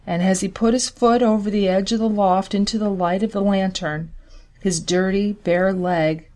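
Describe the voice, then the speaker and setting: A woman narrating a historical novel in measured, even storytelling. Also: lowish voice. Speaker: audiobook narrator. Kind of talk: scripted narration.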